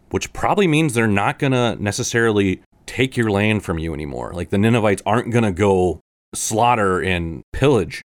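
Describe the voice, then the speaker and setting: A man's voice: fairly low pitch, no room sound, clean studio sound. A man co-hosting a podcast in casual, rambling chat, putting on voices for quotes. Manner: rambling, many fillers, puts on voices for quotes. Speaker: podcast co-host.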